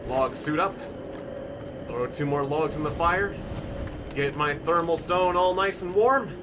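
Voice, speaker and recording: A man live-streaming a survival game, talking through his moves as he plays, now and then breaking into shouts. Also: a little high, unhurried, background noise. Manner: animated, thinking aloud, bursts of shouting. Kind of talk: live-stream gameplay commentary.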